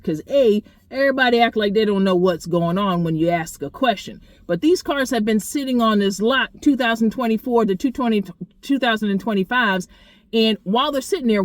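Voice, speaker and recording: A woman telling a story in a casual vlog, animated and blunt, swearing freely and talking straight to her viewers. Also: medium pitch, dry recording. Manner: chatty, talks straight to viewers. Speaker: car owner vlogger.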